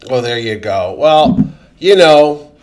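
A man's voice: medium pitch, lively intonation, slow pace. A man in casual conversation about comics, wry and joking with his co-host. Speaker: podcast co-host.

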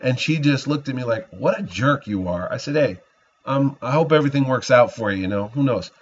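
A man's voice: mid-range voice, a little fast, slightly rough. A middle-aged man hosting a podcast, telling a story in a casual way and acting out both sides of each conversation. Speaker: podcast host. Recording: dull lo-fi recording.

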